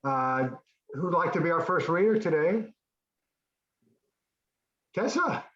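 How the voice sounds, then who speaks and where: A man's voice: a little high, expressive, slow pace, a bit bright, echoey room, highs cut off. A man teaching a Spanish class online, encouraging students and often restarting his sentences. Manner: encouraging, repeats and restarts while explaining.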